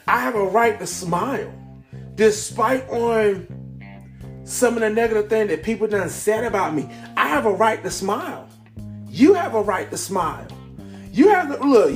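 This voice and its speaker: A man's voice: high voice, expressive, normal speed, soft background music. Rambling upbeat man talking to camera. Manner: rambling, repeats words, many fillers. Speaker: vlogger. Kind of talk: casual motivational talk to camera. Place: indoors at home. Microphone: camera in front of him.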